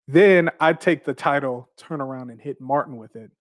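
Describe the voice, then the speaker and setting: A professional wrestler, a man, tells stories from his career in a casual, animated way, swearing freely and laughing between phrases. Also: mid-range voice, no echo, clean studio sound.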